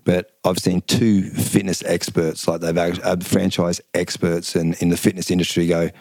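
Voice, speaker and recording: Speaking at normal speed in a voice that sits low, with no echo, an Australian former fighter in his fifties rambles casually as an interview guest. The onetime kickboxing champion tells animated stories, acting out what people said.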